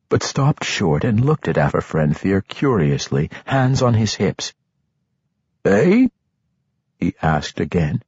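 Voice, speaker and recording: A man reading fantasy narration for an audiobook in an expressive, dramatic way. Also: lowish voice, breathy edge, dry recording, muffled recording.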